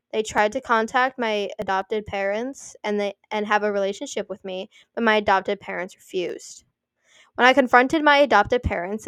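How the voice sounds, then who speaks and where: A young woman reading online posts aloud and adding chatty commentary, full of "like" and quick apologies for her slips. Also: medium pitch, no room sound, clean studio sound. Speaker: story reader and commentator.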